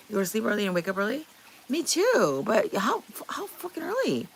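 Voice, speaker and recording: A middle-aged woman from Canada talks to her livestream chat, blunt and quick to laugh, swearing as she goes. Her voice is low and gravelly, and her pitch swings widely. A faint hiss of room ambience sits behind her. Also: huge pitch swings. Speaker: livestream host. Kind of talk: casual livestream chat with viewers.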